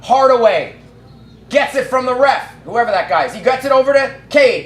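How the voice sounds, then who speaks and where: Guy doing fan play-by-play of a basketball game, really high voice, echoey room, fast excited calls. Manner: rapid excited calls that rise to shouting at big plays. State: out of breath. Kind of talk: live play-by-play commentary.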